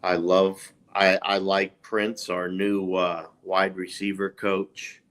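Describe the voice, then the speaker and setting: Dude talking football on a stream, really slow, lowish voice, emphatic. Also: male voice, flat delivery, a bit bright. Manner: slow, emphatic fan opinions. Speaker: podcast co-host. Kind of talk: casual sports chat. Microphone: live stream microphone.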